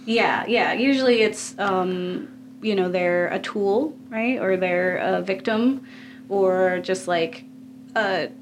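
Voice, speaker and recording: A giggly woman hosting a casual podcast, her voice sitting at an ordinary middle pitch. She chats loosely and breaks into laughter between phrases. A faint noise sits under her voice. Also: takes it slowly. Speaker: podcast host. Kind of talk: casual chat. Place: home basement podcast room.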